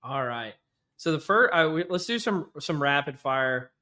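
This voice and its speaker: Higher-voiced male podcast host. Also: expressive, normal speed, over music. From rural North Louisiana, US. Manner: friendly, laughs easily, hedges with "like". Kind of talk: casual interview chat.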